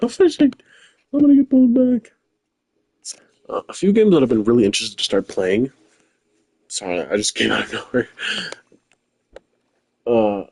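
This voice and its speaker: Young guy rambling on a late night stream, low gravelly voice, kinda husky. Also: no room sound, poor audio. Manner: quiet, rambling, self-talking. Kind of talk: casual late-night gameplay stream chat. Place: quiet home at night. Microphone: controller or headset mic held close.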